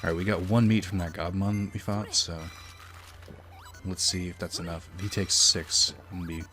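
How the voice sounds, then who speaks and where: Low-voiced man rambling over gameplay. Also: fairly even intonation, moderate pace, bright, forceful tone, soft background music. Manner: rambling with fillers and swearing. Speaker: let's player. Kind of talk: casual gameplay commentary.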